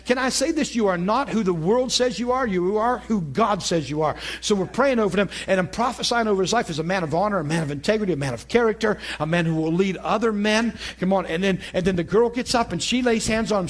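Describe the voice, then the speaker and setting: A man preaching a sermon at a church school, telling a story in an earnest, conversational way that climbs into fervent peaks. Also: high-pitched. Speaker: pastor teaching a ministry school. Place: church hall before an audience.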